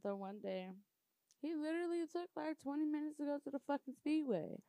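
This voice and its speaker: A woman's voice: sits high, expressive, fairly quick, warm tone, no echo. A woman in casual chat, bluntly retelling an argument.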